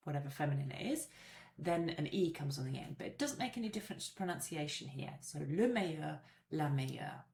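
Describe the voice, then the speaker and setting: A woman teaching a French grammar lesson, patiently repeating each example slowly. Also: lowish voice, gravelly. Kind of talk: explanatory language lesson. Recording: roomy echo.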